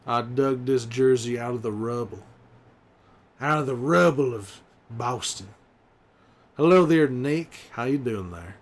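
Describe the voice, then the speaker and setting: A man playing a gruff middle-aged male survivor, bantering and swearing in an in-character livestream. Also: medium pitch, measured pace, pauses often. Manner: gruff, swearing, teasing chat. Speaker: streamer in character.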